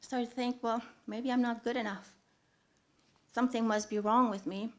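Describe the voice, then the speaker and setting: A woman shares a personal true story before a live theatre crowd in a somewhat high voice with a steady tone. She stays earnest throughout, breaking into pauses and sudden loud surges.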